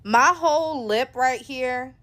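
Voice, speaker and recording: A woman's voice: high-pitched, takes it slowly, bright, forceful tone. A woman from North Carolina, candidly telling viewers her own story in a casual, conversational way. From North Carolina, USA.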